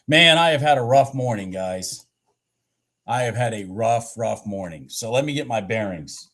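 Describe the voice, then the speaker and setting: A man hosting a live trading stream, urging his trades on, swearing at the chart and then slowly talking through his morning and setups. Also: mid-range voice, animated, a bit bright. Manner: slow, rambling and candid when explaining. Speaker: futures trading livestream host.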